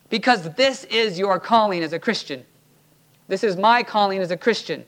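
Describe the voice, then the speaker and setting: Male pastor, high voice, emphatic pulpit preaching, urgent exhortation. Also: moderate pace, a bit bright. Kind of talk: sermon. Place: church.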